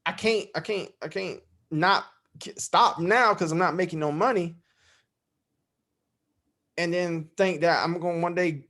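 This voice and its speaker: A man chats as a podcast guest in a loose, rambling storytelling manner and swears freely. His voice sits a little high and has a gravelly crackle. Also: a little slow, long pauses, a bit bright. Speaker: guest, interview podcast host. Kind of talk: casual storytelling chat.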